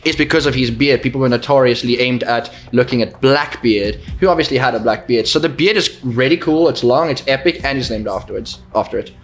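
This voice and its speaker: A man's voice: mid-range voice, fairly quick, hardly any pauses. A man from South Africa arguing points in a casual movie debate, with stumbling restarts.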